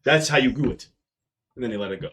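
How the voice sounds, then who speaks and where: A man's voice: mid-range voice, quick pace, breathy edge, rough recording. A young man co-hosting a casual podcast, telling stories with lots of laughing and swearing. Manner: animated storyteller, laughs often, swears. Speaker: podcast co-host. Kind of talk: casual banter.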